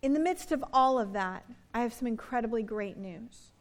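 A middle-aged woman pastor preaching a sermon, earnest, slowing down for emphasis and dropping soft and low on key words. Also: lively intonation.

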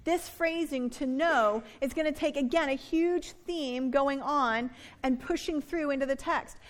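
A woman in her thirties, a pastor delivering an earnest sermon and slowing down to stress key words. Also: sits high.

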